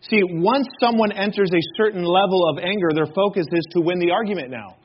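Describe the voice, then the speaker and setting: A man's voice: sits high, fairly quick, lo-fi sound, slight background noise. A man preaching a sermon to his congregation, joking and acting out little scenes, often asking the room questions. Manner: jokey, animated storytelling with acted-out voices; addresses congregation directly with questions. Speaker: pastor.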